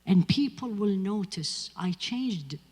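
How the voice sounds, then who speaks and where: Woman lecturer, English speaker, husky timbre, emphatic mosque talk, long hall reverb. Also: mid-range voice, lively intonation, takes it slowly, a little mellow. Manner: earnest, emphatic, direct address to audience. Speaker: lecturer on Islamic spirituality.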